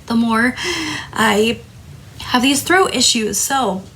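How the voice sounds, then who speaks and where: A woman's voice: a little high, slow pace, a bit bright, slight background noise. A woman hosting a live crafting stream, talking casually and apologizing as a throat tickle keeps making her cough. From Tucson, Arizona. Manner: apologetic, chatty. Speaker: crafting host.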